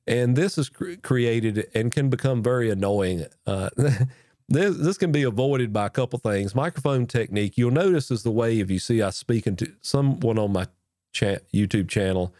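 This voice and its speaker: Speaking to camera into a boom-arm microphone with a foam cover held near his face, a podcast host explains mic technique in a relaxed, folksy way. He keeps repeating and restarting as he demonstrates. The voice sounds dark, with no room sound and studio-quality audio.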